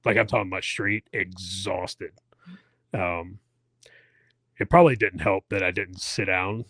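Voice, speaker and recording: A man in his forties with a very low voice that still sounds bright and forceful. He rambles through a self-mocking story in casual chat, full of fillers and restarts. The sound is dry and close. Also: unhurried, no echo. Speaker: podcast co-host. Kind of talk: casual chat, recounting an endurance event.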